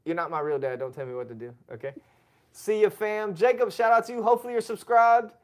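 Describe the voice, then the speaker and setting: Hosting a casual family livestream, a man chats away, reading out viewer messages and giving shout-outs. His voice sits high and he speaks at a quick pace.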